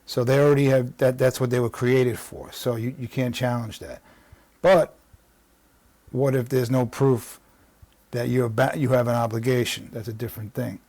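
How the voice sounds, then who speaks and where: A man's voice: medium pitch, flat delivery, moderate pace, a little mellow, no room sound. A man with a New York accent, reading out legal text and explaining it in a conversational way. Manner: conversational, with frequent restarts and asides. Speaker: legal strategy instructor.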